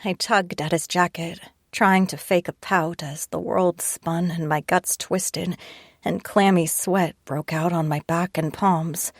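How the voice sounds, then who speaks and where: A woman narrating a first-person audiobook with a low voice and a wry, tense inner monologue. She sits close to a studio mic, in a dry recording with no room sound. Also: fairly even intonation, takes it slowly, no echo.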